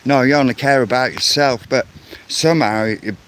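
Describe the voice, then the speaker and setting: A man's voice: mid-range voice, moderate pace, a bit bright, slight background noise. A man giving an angry, insistent vlog rant, often repeating words as he goes. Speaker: vlogger. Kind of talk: ranting vlog monologue.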